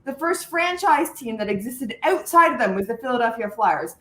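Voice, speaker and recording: A woman of thirty from Canada, a guest on a live stream, talking in a lively, self-mocking way. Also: on the high side, normal speed. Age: 30s. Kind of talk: casual live stream chat. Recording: roomy with faint noise.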